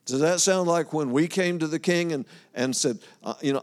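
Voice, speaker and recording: This is a fairly high-pitched male voice at ordinary speed. In an easygoing, folksy sermon, he reads from scripture and talks it through with the congregation, speaking to them, losing his place at times and laughing it off.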